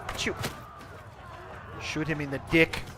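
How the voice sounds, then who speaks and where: A young man narrates his gameplay in a relaxed, offhand way. His voice sits slightly high and he swears casually and restarts his sentences. A steady noise runs beneath the recording. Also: measured pace. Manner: laid-back, swears casually, trails off and restarts. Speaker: gaming channel host.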